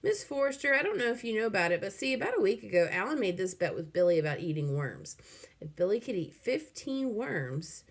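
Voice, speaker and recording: A woman reading aloud and voicing an argumentative boy who talks fast and wheedles. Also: mid-range voice, very animated, pitched above the performer's own voice. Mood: wheedling.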